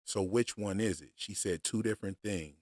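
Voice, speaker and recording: A man chatting casually on a livestream about show theories, relaxed and unhurried, with lots of fillers and restarts. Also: on the low side, no echo, studio quality. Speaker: streamer discussing show theories.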